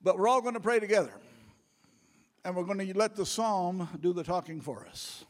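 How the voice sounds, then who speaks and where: A man preaching a sermon to a congregation in a church, building to loud, emphatic calls. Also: normal speed. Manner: preaching with rising, booming emphasis. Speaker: pastor. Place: church sanctuary. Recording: long church hall reverb.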